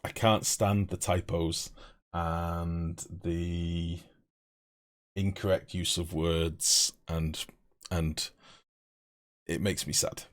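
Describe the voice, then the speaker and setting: A man's voice: sits low, little pitch movement, drawn-out words, long pauses. A young man chatting casually on a live stream, blunt and rambling, swearing freely. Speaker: game streamer.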